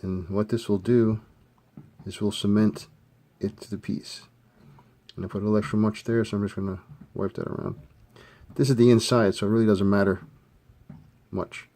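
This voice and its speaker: A man with a fairly low voice walks through a model build in a casual tutorial. He thinks aloud as he works, relaxed and unhurried, with plenty of fillers. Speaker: scale model hobbyist demonstrating a kit build.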